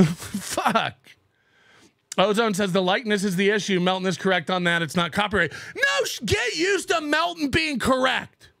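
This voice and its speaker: A man's voice: extremely high pitch, vocal fry, bright, forceful tone, dry recording, studio quality. A man hosting a livestream, ranting and mocking his critics with lots of swearing and laughter. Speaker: livestream show host.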